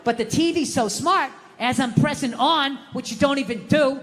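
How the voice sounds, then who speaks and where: A man doing a stand-up comedy set, telling stories in loud, exasperated rants that jump to high-pitched outbursts. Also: moderate pace, few pauses. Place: large outdoor venue. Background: audience laughter.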